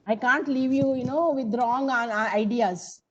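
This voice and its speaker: A woman's voice: fairly high pitch, unhurried, muffled recording. A woman teaching grammar in an online coaching class, coaxing students for answers and calling on them by name. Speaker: English teacher.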